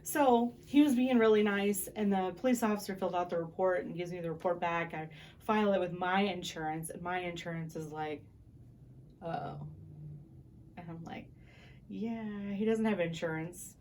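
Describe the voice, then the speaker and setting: A young woman vlogging to camera, retelling a story in a casual, animated way and acting out the people she quotes. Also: on the low side, normal speed, a little hiss or hum.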